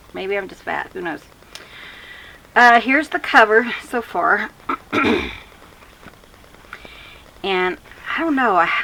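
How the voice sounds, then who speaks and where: Casual craft vlogger, female, low-ish bright voice, rambles and thinks aloud. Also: vocal fry, a little hiss or hum, low-quality recording.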